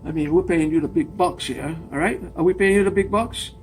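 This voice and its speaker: High-voiced joking pottery teacher. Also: male voice, a little fast, a little mellow, slight background noise. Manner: chatty, joking, enthusiastic. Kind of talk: hands-on wheel demonstration. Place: pottery studio.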